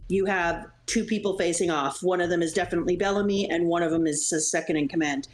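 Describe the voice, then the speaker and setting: A woman hosting a stream, retelling an anime in a playful, expressive way. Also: on the low side, quick pace, hardly any pauses. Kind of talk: animated recap with voices.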